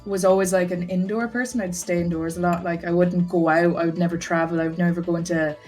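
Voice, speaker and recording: A young woman talks through a casual podcast chat, rambling and full of fillers. Her voice sits on the low side, and faint music plays behind her. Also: flat delivery, quick pace, darkish tone, distant mic. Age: young adult. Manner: chatty, rambling, many fillers. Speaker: podcast guest, streamer.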